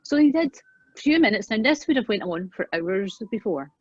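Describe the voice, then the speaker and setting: A woman guest in an interview, earnestly telling a personal parenting story and acting out the quoted lines, often trailing off softly. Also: medium pitch, expressive, moderate pace, husky, dry recording. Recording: dull, dry, lo-fi sound.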